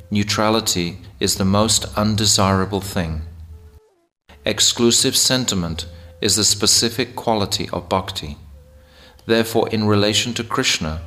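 Low-ish male voice, slow careful audiobook reading of a religious text. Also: fairly bright tone. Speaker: narrator of a devotional book. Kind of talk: scripted audiobook narration.

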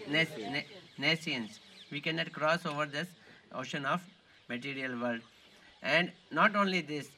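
With a slightly high, pushed and bright voice, a spiritual tour guide speaks earnestly about devotion at pilgrimage sites, over slight background noise. He tends to repeat himself and fumble for words.

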